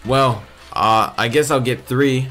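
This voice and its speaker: A man's voice: mid-range voice, takes it slowly, music in the background, lightly acted. A man doing a brash guy. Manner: brash, calls everyone "fool" and "vato". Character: brash Mexican man named Jose in a game roleplay. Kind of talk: GTA-style game roleplay.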